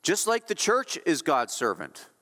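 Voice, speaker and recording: A man's voice: on the high side, wildly swooping pitch, unhurried, a bit bright, big-room sound. A male pastor preaching a sermon with emphatic delivery, repeating key phrases to drive points home.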